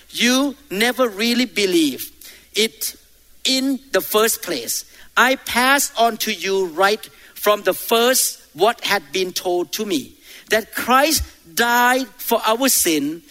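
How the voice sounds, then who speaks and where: Bright high-voiced man preaching slowly. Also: expressive. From Thailand. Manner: emphatic preaching with calls to the congregation. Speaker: pastor. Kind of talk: sermon. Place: church.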